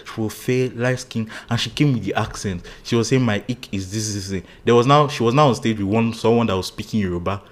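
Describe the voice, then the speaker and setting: A man's voice: fairly low pitch, fast talker, hardly any pauses. A man co-hosting a casual podcast, laughing often and repeating himself as he tells stories. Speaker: podcast co-host.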